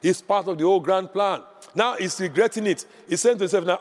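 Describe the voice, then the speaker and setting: A man's voice: high-pitched, fairly quick, in a large hall. A man preaching a sermon as pastor, impassioned and repeating lines for emphasis.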